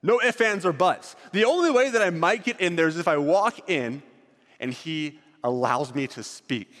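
A man's voice: on the high side, animated, normal speed, fairly bright tone, in a large hall. A man voicing a frightened young queen who pleads and explains the danger she faces, in a Bible story told to a group. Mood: fearful.

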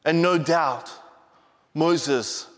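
A male pastor preaching in a church with a high, light voice. He moves between playful asides to the kids and slow, weighty emphasis, and a long reverb hangs in the hall behind him. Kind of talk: sermon. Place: church sanctuary.

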